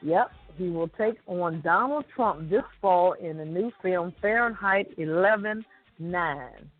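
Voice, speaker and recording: A woman's voice: lowish voice, slow. A woman co-hosting a chat show, reading celebrity news items and adding wry asides. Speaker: co-host reading entertainment news. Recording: tinny phone-like sound with faint music.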